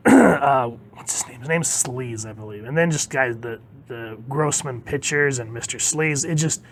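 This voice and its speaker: A man's voice: medium pitch, moderate pace, few pauses, slight background noise. A man talks casually through a comic book review in a mid-range voice. He is chatty and enthusiastic and reads quotes aloud as he goes.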